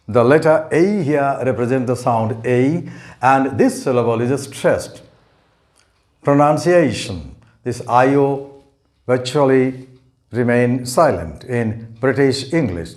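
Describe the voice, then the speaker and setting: A man gives a slow, careful pronunciation lesson, spelling words out letter by letter and saying each one several times. His pitch swings widely as he stresses syllables, and he never hurries. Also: a little mellow. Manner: spells out letters and repeats words slowly and deliberately. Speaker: pronunciation teacher.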